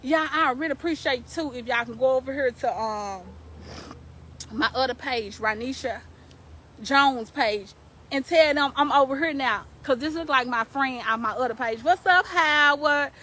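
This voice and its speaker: A woman's voice: sits high, moderate pace, a bit bright, poor audio. A young adult woman hosting a live stream, preaching emphatically to her viewers and repeating her points for weight.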